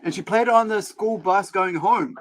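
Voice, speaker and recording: A man's voice: sits high, normal speed, slight background noise. A man with a New Zealand accent hosting a livestream, rambling and slangy in casual chat. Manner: rambling, slangy, laid-back. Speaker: livestream host.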